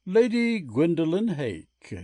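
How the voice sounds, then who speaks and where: A man voicing a middle-aged English gentleman turned simple farmer in an amateur full-cast dramatic reading, explaining in a measured, earnest way. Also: fairly high pitch, big pitch swings, no echo, clean studio sound, heavily acted.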